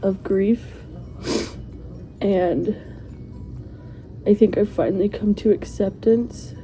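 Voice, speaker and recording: A woman's voice: mid-range voice, slow pace, warm tone, soft background music. A woman talking emotionally about a book in a casual vlog, rambling and restarting her sentences. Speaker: book reviewer.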